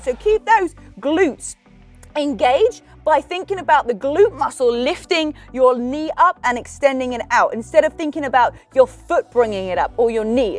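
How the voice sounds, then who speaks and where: A woman with an English accent leading a group workout, upbeat and laughing often as she counts down reps and chats with her trainers. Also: sits high. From England. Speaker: fitness instructor. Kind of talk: leading a workout, chatty cues.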